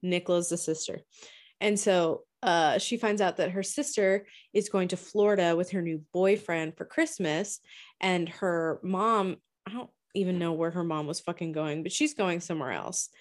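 A woman's voice: on the low side, moderate pace. A woman casually summarizing a book's plot, blunt and swearing freely. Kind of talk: casual book recap chat.

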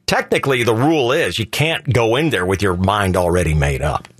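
A man's voice: lowish voice, a little fast, breathy edge, no echo, studio quality. A male radio host talking in casual, joking banter, rambling and asking leading questions.

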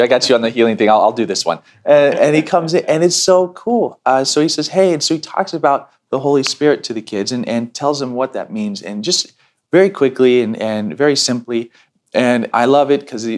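A man in ministry telling a story in casual talk, animated and full of restarts. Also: a little fast. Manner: animated, many restarts, acts out quotes in a higher voice.

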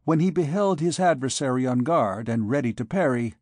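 A man narrating a classic novel as an audiobook in a measured, unhurried reading. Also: mid-range voice, lively intonation, darkish tone, no room sound, studio quality. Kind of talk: scripted narration.

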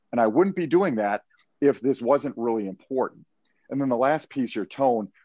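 A man talks through his craft in a measured, explanatory way, sometimes stumbling over the first word of a phrase. His voice is dry and close, with a slightly muffled, lo-fi quality. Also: mid-range voice, no echo. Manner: measured, explanatory, repeats words at starts of phrases. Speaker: hostage negotiator and professional speaker. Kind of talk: podcast interview.

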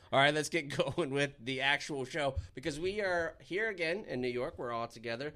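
A man's voice: a little high, normal speed, few pauses, sharp tone. A man co-hosting a casual podcast, joking around and reading a sponsor spot loosely. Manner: jokey, reads ad copy loosely. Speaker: podcast co-host.

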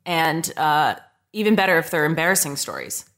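A woman's voice: sits low, very animated, moderate pace, a bit bright. Upbeat woman podcast host. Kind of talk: casual interview chat.

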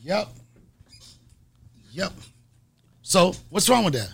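High gravelly dude hosting a podcast, loud and animated, bright edgy voice, laughs a lot. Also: male voice, slow pace. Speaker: podcast host. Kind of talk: casual comedic banter.

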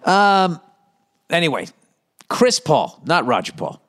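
A man in his fifties hosting a solo comedy podcast, rambling through profane, animated stories full of asides. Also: medium pitch, normal speed. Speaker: podcast host.

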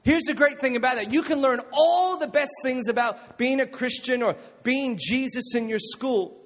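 High-voiced energetic youth preacher in a reverberant hall. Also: male voice, moderate pace. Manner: energetic, jokey, calls on the audience to respond. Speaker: youth pastor. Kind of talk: youth sermon with jokes and stories. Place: church youth hall with an audience.

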